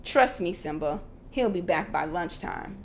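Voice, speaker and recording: A woman voicing a bossy, boastful male meerkat in a storybook read-aloud, talking loud and snappy. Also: fairly low pitch, expressive, measured pace, vocal fry, slight background noise. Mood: dismissive.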